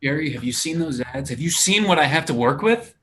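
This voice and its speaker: A man's voice: on the high side, animated, brisk, pushed and bright. An actor playing an earnest, indignant male TV actor in a live play reading over a video call. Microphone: home computer mic on a video call.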